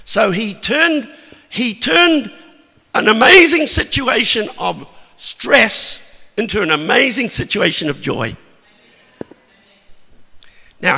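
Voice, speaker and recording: A man preaching a sermon, telling a Bible story with animated, emphatic peaks. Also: sits high, gravelly, husky. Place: church hall. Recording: long hall reverb.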